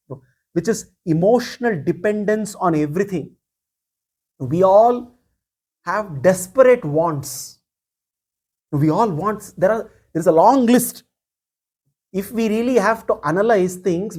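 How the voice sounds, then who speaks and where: A man giving a spiritual discourse as a teacher, speaking deliberately, repeating key phrases and reciting verses. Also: high-pitched, a little mellow.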